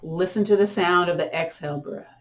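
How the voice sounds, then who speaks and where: Calm woman guiding slow breathing. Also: fairly low pitch, heavy background noise. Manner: slow, soothing cues with counted breaths. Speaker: yoga and tai chi instructor. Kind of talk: guided breathing and body-scan meditation.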